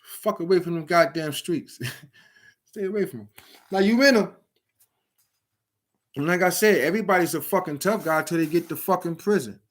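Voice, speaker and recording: A middle-aged man talks straight to young people about the streets and prison, with plenty of cursing and hard emphasis. His voice sits a little on the high side for a man. He sounds like a preacher working the street corner. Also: normal speed, long pauses. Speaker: vlogger giving advice to at-risk youth. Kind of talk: blunt motivational talk to camera.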